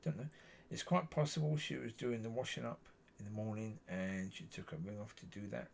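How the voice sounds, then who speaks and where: Gravelly low-voiced man rambling a testimony. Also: fairly even intonation, brisk, a little hiss or hum. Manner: meandering, repeats himself, frequent self-corrections. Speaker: Christian vlogger.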